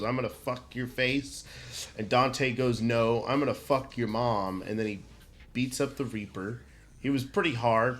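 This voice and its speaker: A man's voice: mid-range voice, a bit bright. Man, comedic game ranter; profane, rambling, mock-indignant, exaggerated. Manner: stammering restarts, goofy exaggeration. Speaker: channel host. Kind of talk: comedic video game rant.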